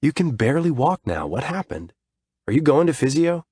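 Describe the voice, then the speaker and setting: Man putting on a pushy young friend, raised pitch, insistent, dry close sound. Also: big pitch swings, normal speed, warm tone, slightly rough, no echo. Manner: probing, insistent questions.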